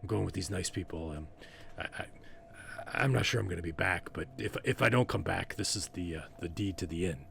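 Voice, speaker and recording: Man playing big soft-hearted guy, talks low and quiet, half whispered, stops and starts. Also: vocal fry, a little hiss or hum, heavily acted. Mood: reassuring. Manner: soft, hushed, halting reassurance. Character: big gentle young man, torn.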